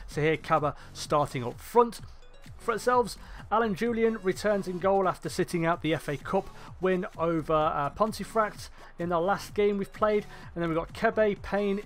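A young man giving casual, rambling commentary on a football management game, often correcting himself and cracking jokes. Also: on the high side. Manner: chatty, rambling, self-correcting, jokey. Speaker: gaming YouTuber.

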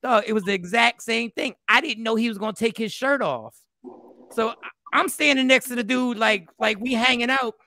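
A man telling a funny story in casual chat, self-mocking and relaxed. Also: extremely high pitch, normal speed. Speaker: podcast co-host.

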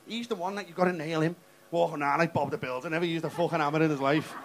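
A man's voice: on the high side, rapid-fire. A man, doing a brash, sweary stand-up set on a comedy club stage, teasing the crowd. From England. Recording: noisy live club recording. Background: audience laughter.

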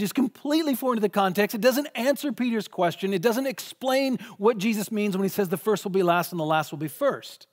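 Pastor, male, preaching an emphatic sermon from the pulpit. High-pitched voice with long church reverb. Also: lively intonation, fairly quick, hardly any pauses. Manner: emphatic, repeats words when stressing a point. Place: church sanctuary.

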